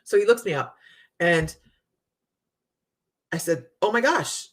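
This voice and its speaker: A woman psychic medium hosting a casual live chat, telling stories to her viewers in a chatty, animated way. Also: lowish voice, slow pace. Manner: chatty storytelling, Southern US "y'all".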